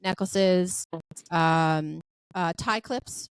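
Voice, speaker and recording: A woman's voice: lowish voice, very slow, clear, resonant tone, dry recording. A woman hosting a podcast in casual chat, talking in a chatty, effusive way with plenty of filler words. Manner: lively storyteller who acts out quoted dialogue. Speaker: podcast host.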